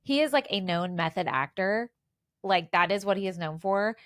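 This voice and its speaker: A woman's voice: mid-range voice, animated, normal speed, a bit bright, dry recording, clean studio sound. A woman in her forties co-hosting a casual podcast, chatting through film trivia with lots of fillers. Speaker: podcast co-host. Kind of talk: casual chat.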